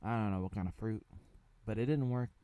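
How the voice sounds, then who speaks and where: A man in his thirties from the United States reviews a TV episode in a loose, rambling way, full of fillers and side comments. His voice sits fairly low, and the sound is dry and close. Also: fairly quick, mellow, clear, resonant tone, dry recording. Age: 30s. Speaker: TV show reviewer. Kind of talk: casual spoken review.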